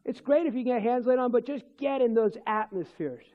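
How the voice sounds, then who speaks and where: A man's voice: extremely high pitch, brisk, lo-fi sound. A man, a Christian minister, telling a personal faith testimony in conversation, rambling with restarts and chuckles.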